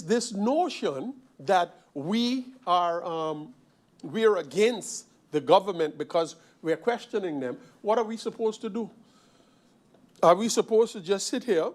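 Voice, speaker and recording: A man's voice: high voice, a little mellow. A man from Sint Maarten, a member of parliament, giving an emphatic parliamentary speech with repeated phrases and rhetorical questions. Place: parliament chamber.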